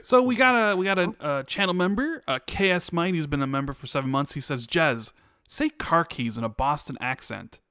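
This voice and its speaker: Smooth-voiced man co-hosting a podcast. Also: fairly high pitch, moderate pace, dry recording, clean studio sound. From United States. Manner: relaxed, reads out viewer chat messages. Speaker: podcast co-host. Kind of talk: casual podcast chat.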